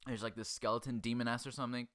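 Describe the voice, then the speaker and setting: A man hosting a comedy show, recapping an animated film in a crude, sarcastic way and acting out the characters in quick asides. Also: medium pitch. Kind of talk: profane comedic movie recap.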